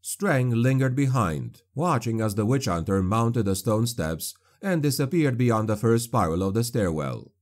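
A man reading a dark fantasy audiobook in a grave, measured narration. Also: mid-range voice, lively intonation.

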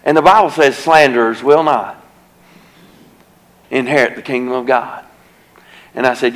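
A male evangelist preaching at an evening revival service in a church. He tells a story in a folksy, plain-spoken way, then turns to earnest, solemn warning. His pitch sits in the middle range for a man. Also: moderate pace, long pauses, rough recording. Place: church sanctuary.

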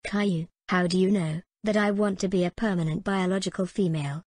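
A woman's voice: fairly low pitch, fairly even intonation, a little fast, darkish tone, no room sound, lightly acted. Casting: woman voicing earnest young waitress, plain amateur read, dry.

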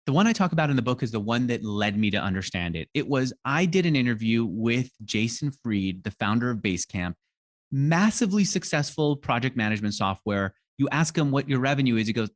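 Brief: man, forties, animated guest on a chat show, plays out quoted lines as he tells stories, middle pitch. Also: a little fast. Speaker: podcast guest, interviewer and author. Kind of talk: casual conversation.

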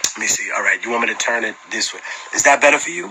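A man's voice: on the low side, fast talker, vocal fry, slight background noise, low-quality recording. A man answering fans on a phone livestream in casual talk. He tells profane stories with lots of energy and laughs often. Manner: animated, profane storyteller who laughs often. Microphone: phone camera.

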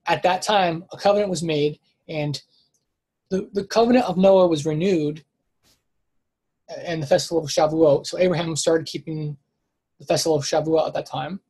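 A man giving a casual, unscripted scripture lesson, thinking aloud, stopping to correct himself and filling pauses with "um" and "like". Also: fairly high pitch, darkish tone, breathy edge, low-quality recording. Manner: hesitant, self-correcting, thinks aloud with many fillers. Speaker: Bible study teacher.

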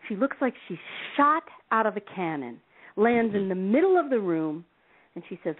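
A woman telling stories as a guest on a call-in show, lively and expressive, acting out the people in her stories and laughing often. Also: medium pitch, normal speed. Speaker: relationship advice author, guest. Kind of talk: animated storytelling on a call-in radio show. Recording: phone-line sound.

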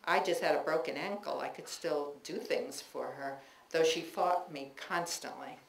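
A woman writer reading her memoir aloud at a live bookstore event, wry and expressive, laughing through the funny parts. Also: low voice, moderate pace, vocal fry. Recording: roomy bookstore with faint noise.

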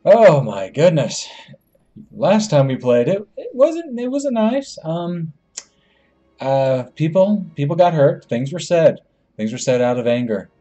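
A man talking over his online shooter matches, joking and rambling between rounds. He has a mellow, slightly husky voice that jumps into excitable yelps when the action heats up. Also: mid-range voice, a little slow, lo-fi sound, faint music behind. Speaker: gaming channel host. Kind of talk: gameplay commentary.

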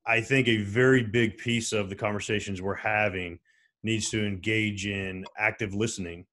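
A man with a low, steady voice talks earnestly on a video-call panel. He speaks in a measured, thoughtful way, choosing his words with care. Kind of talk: panel discussion.

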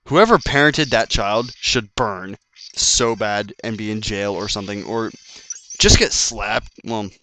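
A man's voice: lowish voice, measured pace, pushed and bright, a little hiss or hum. A man doing gameplay commentary, ranting in frustration and swearing often. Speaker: let's play commentator. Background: faint game music.

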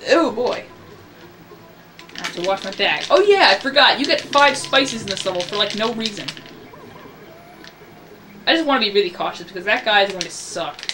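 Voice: mid-range voice, lively intonation, fairly quick, recorded from a distance, noisy background. A host giving casual gameplay commentary, rambling, joking and correcting himself mid-sentence. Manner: rambling, self-correcting, jokey. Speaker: let's play host.

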